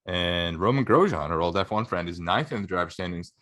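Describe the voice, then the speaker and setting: A man's voice: low-pitched, lively intonation, a little fast, fairly bright tone. A young man, co-hosting a podcast in casual, rambling chat full of fillers. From Canada. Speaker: podcast co-host.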